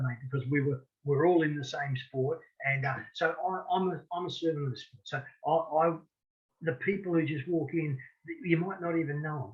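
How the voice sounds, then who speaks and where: A man's voice: on the high side, sharp tone. Australian man on a lo-fi line. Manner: friendly, rambling, many restarts, says mate. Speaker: boxing referee, guest. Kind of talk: casual interview chat.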